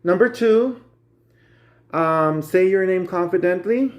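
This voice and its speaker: Guatemalan spanish accent guy teaching english, chatty, kinda high voice, keeps saying guys. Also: takes it slowly, dull audio. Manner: chatty, calls viewers guys. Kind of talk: casual spoken English lesson.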